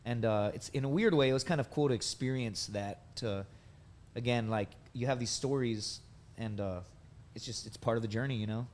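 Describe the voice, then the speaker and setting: A man in his thirties from the United States spins long, rambling stories, padding them with likes and dudes. His voice sits at a middling pitch and has an easy, conversational flow. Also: moderate pace, a little mellow, a little hiss or hum. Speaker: podcast guest, veteran and comedian. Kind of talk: casual storytelling.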